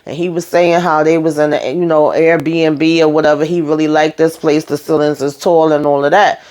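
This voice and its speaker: Woman, TV recap vlogger, casual, sassy, blunt, expressive. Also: low voice, normal speed. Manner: sassy, blunt and expressive, with frequent asides to viewers.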